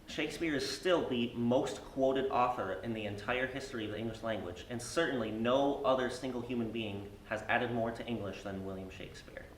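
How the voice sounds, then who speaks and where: A man narrating a school project in a steady, explanatory read-aloud manner, with the odd filler. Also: mid-range voice, a little fast, few pauses, a little hiss or hum. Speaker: student presenter. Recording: roomy, distant mic with faint music.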